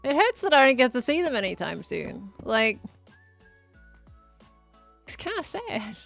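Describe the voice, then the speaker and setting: A woman's voice: high voice, very animated, a little slow, gravelly, fairly bright tone, faint music behind. A woman, chatting casually on a live stream, rambling and laughing as she reads chat. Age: 20s.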